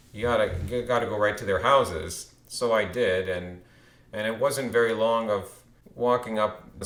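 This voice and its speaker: A man in his thirties talks in a rambling, conversational way, often stopping to restart a sentence or repeat a word. His voice sits on the low side. The recording has a noticeable roomy echo. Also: a bit bright. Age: 30s. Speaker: channel host. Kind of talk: casual storytelling monologue.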